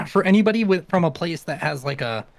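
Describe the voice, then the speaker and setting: Guy streamer from the south, kinda high voice, jokey and chatty, dry close sound. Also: expressive, fairly quick, gravelly, dry recording. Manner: chatty, teasing, laughs often. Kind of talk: casual live-stream chat.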